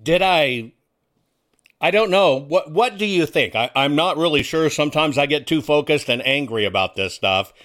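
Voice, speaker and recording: A man's voice: a little high, expressive, moderate pace, a bit bright. A man hosting a casual talk show, talking in a folksy, combative way and throwing rhetorical questions at his listeners. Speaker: host.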